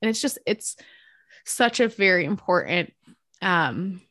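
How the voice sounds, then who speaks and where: A woman's voice: fairly low pitch, measured pace, dry recording. Gushing woman in a dry, close recording. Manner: gushing, excitable, many fillers. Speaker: book podcast co-host. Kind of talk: casual book discussion.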